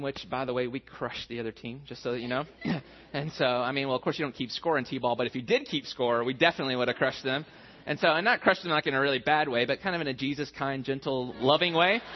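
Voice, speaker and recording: Man preaching, thirties, fairly high voice, chatty self-deprecating stories, muffled lo-fi sound. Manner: conversational, self-deprecating storytelling. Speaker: pastor. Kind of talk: sermon.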